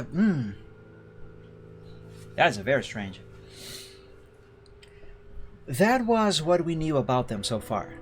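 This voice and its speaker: Animated man streaming a visual novel. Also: medium pitch. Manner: animated, chatty, laughs often. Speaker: game streamer. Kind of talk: live-stream reading a visual novel aloud and chatting. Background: faint game music.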